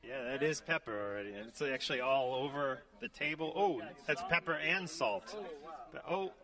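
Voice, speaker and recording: Man, medium pitch, laid-back joking chat, podcast guest. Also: moderate pace, bright, forceful tone. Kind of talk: casual chat. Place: busy bar.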